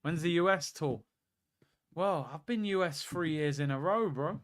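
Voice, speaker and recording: Excitable young man, fairly high voice. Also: unhurried. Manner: chatty and excitable, reacting to play and reading out viewer questions. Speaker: host of a football watchalong. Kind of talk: live football watchalong chat.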